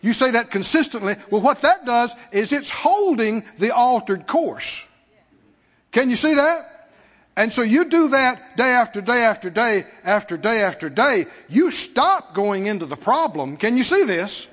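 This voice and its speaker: A man's voice: very high-pitched, big pitch swings, unhurried, fairly bright tone. A man preaching a sermon who calls out to the congregation and mockingly acts out worried believers. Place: church sanctuary. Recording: dull lo-fi recording with long hall reverb.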